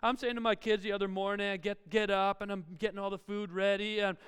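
A male pastor with a high, very clear voice delivers a sermon full of animated, self-deprecating family stories. His words ring out with a long reverb through a church hall. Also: fast talker.

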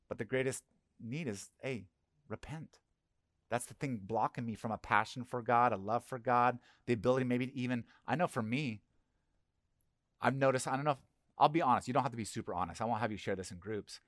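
A man's voice: medium pitch, fairly quick, no room sound, clean studio sound. A middle-aged male pastor giving a conversational sermon and asking the congregation questions.

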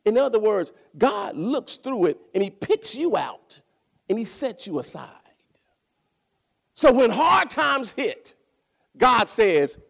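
A man preaching a sermon, animated, asking and answering his own questions and bursting into shouts. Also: very high voice, measured pace, creaky.

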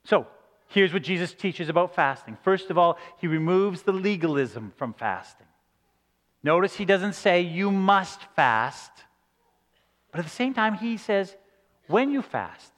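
A man's voice: sits high, lively intonation, normal speed, big-room sound. A man preaching a sermon in a conversational way, acting out quoted reactions. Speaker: pastor.

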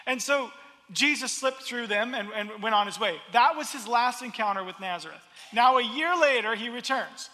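A man preaching a sermon, expressive and repeating his words as he builds each point. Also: very high-pitched, moderate pace, big-room sound. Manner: expressive, acts out crowd voices, repeats words. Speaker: pastor.

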